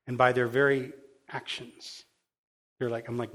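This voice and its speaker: A man's voice: mid-range voice, fairly even intonation, moderate pace. A middle-aged man, a pastor, giving a conversational sermon that is candid and self-deprecating, with casual storytelling full of restarts.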